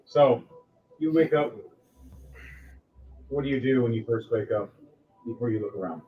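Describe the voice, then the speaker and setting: A man's voice: mid-range voice, normal speed. A man narrating as game master, with loose, rambling descriptions. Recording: dull lo-fi audio, faint music.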